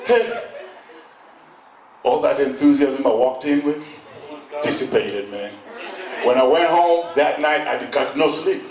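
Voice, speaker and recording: A middle-aged Kenyan man doing stand-up storytelling, animated, acting out voices and bursting into shouts. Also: medium pitch, takes it slowly, gravelly, long pauses, far from the mic. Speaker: stand-up comedian. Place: event hall on stage. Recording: echoey hall, mic from afar, noisy.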